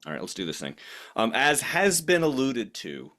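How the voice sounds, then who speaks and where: A man's voice: medium pitch, wildly swooping pitch, moderate pace, fairly bright tone. A man from the Boston area hosting a sports business podcast, asking questions in a playful, teasing way. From Boston area, USA. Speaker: podcast host. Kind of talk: casual podcast interview.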